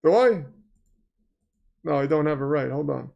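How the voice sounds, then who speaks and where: A man hosting a casual livestream, chatting and commentating, flustered at times and prone to excited outbursts. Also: a little high, normal speed, gravelly, muffled recording. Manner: flustered, self-deprecating, breaks into excited shouts. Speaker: livestream host.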